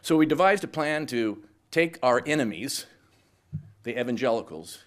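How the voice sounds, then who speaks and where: A middle-aged man speaking as a guest to a live audience, telling lively stories and acting out both sides of conversations. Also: mid-range voice, normal speed. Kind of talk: anecdotal speech to a live audience.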